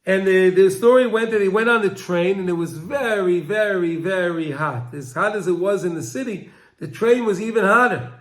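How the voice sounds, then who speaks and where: A man's voice: sits high, moderate pace. A man teaching a Torah lesson through a story, talking emotionally and stumbling over repeated words, crying out the pleas of the people in the story.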